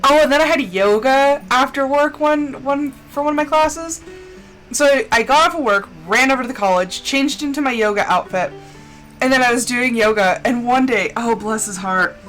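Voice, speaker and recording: A young woman streaming a game, telling stories in a casual, animated way and acting out quotes. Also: moderate pace, low-quality recording. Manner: animated storyteller, acts out quotes with big pitch jumps. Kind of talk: casual chat while gaming. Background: faint game music.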